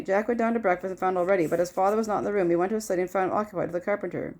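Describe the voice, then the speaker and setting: A woman's voice: medium pitch, darkish tone. A woman reading a classic novel aloud as an audiobook narrator. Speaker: audiobook reader. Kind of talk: scripted narration.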